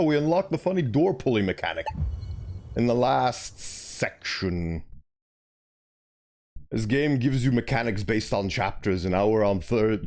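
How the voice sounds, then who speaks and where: A man's voice: medium pitch, a little mellow. A young man chatting casually while streaming a video game, rambling and laughing at himself. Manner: rambling, self-mocking, giggly. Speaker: VTuber streamer.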